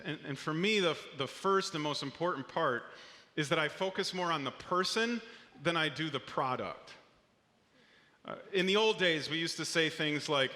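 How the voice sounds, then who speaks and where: Man, pastor, sermon, high voice, bright tone, earnest and conversational, reverberant church hall. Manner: earnest, conversational preaching with small restarts.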